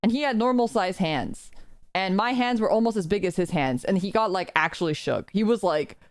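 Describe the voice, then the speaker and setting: A woman's voice: mid-range voice, normal speed, no echo, clean studio sound. A woman streamer chatting casually and reading a visual novel aloud, telling stories with lots of giggles. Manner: giggly, animated storyteller.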